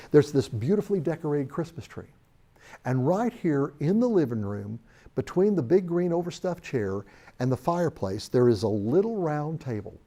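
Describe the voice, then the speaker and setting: A man's voice: fairly high pitch, mellow. A man giving a recorded sales training lecture, storytelling in an emphatic way.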